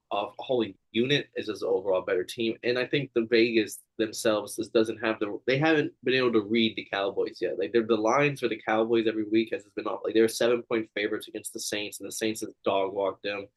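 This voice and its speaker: A man's voice: fairly low pitch, fairly even intonation, fairly quick, few pauses, low-quality recording. A man co-hosting a casual sports betting chat, reasoning through his picks in a laid-back, rambling way. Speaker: podcast co-host.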